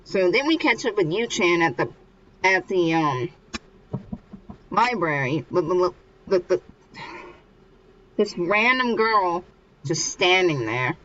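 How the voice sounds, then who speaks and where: A woman's voice: lowish voice, animated, slow, pauses often, a bit bright, dull audio. A young woman casually recapping a manga chapter, rambling and restarting as she goes. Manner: rambling, acts out characters. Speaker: manga reader.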